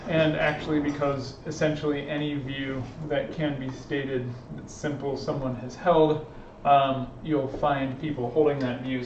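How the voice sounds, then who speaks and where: A man's voice: mid-range voice, far from the mic, slight background noise. Man lecturing, hesitant, in a roomy space. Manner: thinks aloud with many fillers and restarts. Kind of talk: informal philosophy lecture. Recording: roomy, dull lo-fi room recording.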